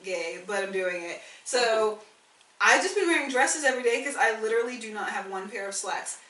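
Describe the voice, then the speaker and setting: A woman co-hosting a podcast, telling rambling stories in animated casual chat. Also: fairly high pitch, a little fast. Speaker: podcast co-host. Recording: roomy, distant from the mic.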